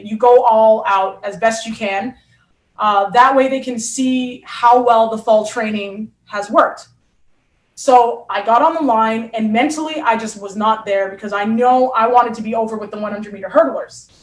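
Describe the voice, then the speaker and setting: A woman, a former hurdler and coach, telling a story in an animated conversational way and acting out what people said. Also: fairly high pitch, roomy sound. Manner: animated, acts out quotes.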